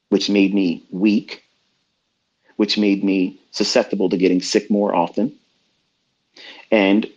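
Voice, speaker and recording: A man's voice: fairly low pitch, darkish tone, breathy edge. Blunt, profane middle-aged man ranting. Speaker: trading mentor. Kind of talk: ranting motivational talk. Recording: dull lo-fi online audio room.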